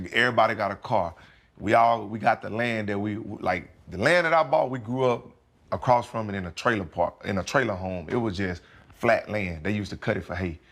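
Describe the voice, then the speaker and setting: A young man, speaking candidly and casually as a football player guest in an interview, full of slang and "you know". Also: lowish voice.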